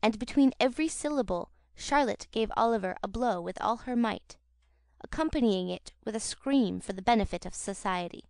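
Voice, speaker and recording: A woman narrating a classic novel audiobook in a measured, dramatic storytelling manner. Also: a little high, animated, no echo, clean studio sound.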